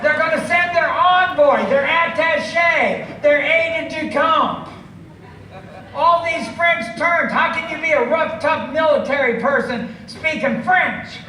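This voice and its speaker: High-voiced man doing slow stand-up. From United States. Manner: drawn-out, emphatic delivery, bursts of shouting. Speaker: stand-up comedian. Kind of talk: live stand-up routine. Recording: echoey venue, mic from a distance, ambient noise.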